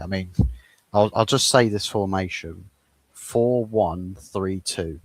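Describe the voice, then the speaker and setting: A man's voice: low voice, takes it slowly, no room sound. A man giving opinionated football takes in a casual chat, often repeating words as he starts a thought. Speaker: co-host football pundit.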